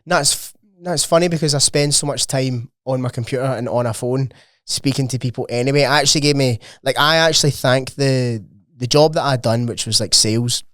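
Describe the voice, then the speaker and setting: A man's voice: medium pitch, fairly quick, fairly bright tone, no echo, clean studio sound. Casual, sweary Scottish man. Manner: rambling, sweary, lots of "like" fillers. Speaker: podcast guest, gym owner. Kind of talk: casual chat.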